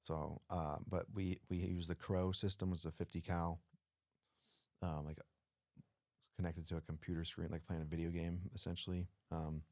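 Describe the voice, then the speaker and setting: A man's voice: deep voice, moderate pace, dry recording, studio quality. A man, a former soldier, telling a story casually in an interview, acting out quoted dialogue with plenty of fillers. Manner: animated, acts out quoted dialogue, frequent fillers. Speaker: guest, former Navy SEAL.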